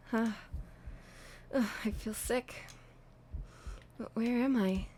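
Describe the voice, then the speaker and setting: A woman's voice: fairly high pitch, extremely slow, warm tone, a little hiss or hum. A woman voicing a drugged young woman held captive, groggy and then defiant and crude.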